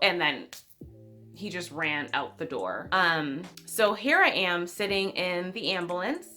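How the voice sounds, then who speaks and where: A woman's voice: lowish voice, very animated, unhurried, sharp tone, soft background music. A woman, telling a personal story in a vlog and acting out other people's lines. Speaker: vlogger.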